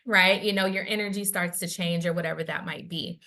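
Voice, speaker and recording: A woman's voice: fairly low pitch, fast talker, vocal fry, hardly any pauses, bright, forceful tone. A woman leads a wellness workshop in a conversational way, often checking in with "right?" and acting out quoted inner voices. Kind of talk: interactive workshop talk.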